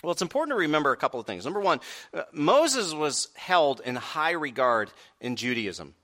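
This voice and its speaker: Bright-voiced man preaching a sermon. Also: very animated, moderate pace. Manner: swings from quiet earnest lows to loud raised peaks; asks the congregation direct questions. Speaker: pastor.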